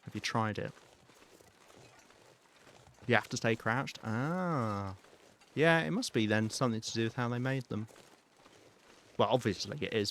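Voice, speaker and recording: A British man live-streaming a survival game, talking calmly and softly to his chat while he plays. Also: fairly low pitch, creaky. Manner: calm, soft-spoken, chatty with viewers.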